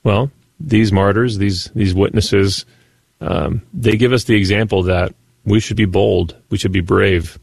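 A man's voice: fairly low pitch, fairly even intonation, measured pace, gravelly, a little mellow, husky, no room sound. Earnest male Catholic radio host. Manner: earnest, lightly playful asides. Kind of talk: Catholic radio talk and reflection. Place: radio studio.

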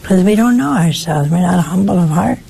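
Older lady giving a sermon, raspy and a bit gravelly, keeps asking the crowd stuff. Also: on the low side, moderate pace. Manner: lively, teasing rhetorical questions. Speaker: preacher.

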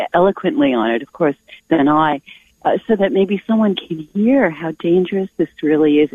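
A woman calling into a radio show, sounding concerned and earnest, a little hesitant as she explains. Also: fairly low pitch. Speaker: caller. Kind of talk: call-in radio caller. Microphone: telephone. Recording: tinny phone line, dry.

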